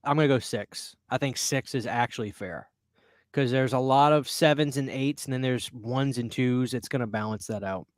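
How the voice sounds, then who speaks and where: A man's voice: medium pitch, normal speed, no echo, clean studio sound. A man hosting a casual podcast chat, laid-back and laughing often between fillers. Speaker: podcast host.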